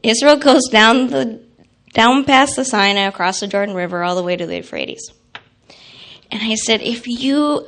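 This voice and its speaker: A young woman, a guest speaker, telling an animated personal story to an audience and acting out quoted voices. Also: on the high side, normal speed.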